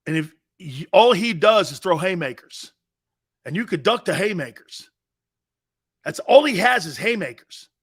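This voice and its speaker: A man's voice: high voice, expressive, unhurried, slightly rough. A middle-aged man, a former player turned sports talk host, giving blunt, emphatic opinions and calling the listener "dude".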